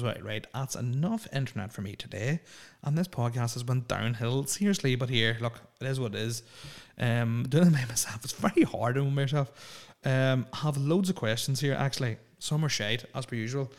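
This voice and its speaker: A young man hosting a casual solo podcast, rambling, joking and swearing freely. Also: medium pitch. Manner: rambling, profane and jokey. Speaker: podcast host.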